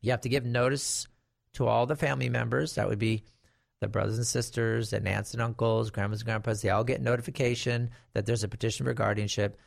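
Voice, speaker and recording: Gravelly-voiced man explaining estate law. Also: medium pitch, little pitch movement, a little fast, dry recording, clean studio sound. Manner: conversational storytelling with hypothetical examples, emphatic warnings. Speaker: estate planning attorney. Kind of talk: explanatory talk to viewers.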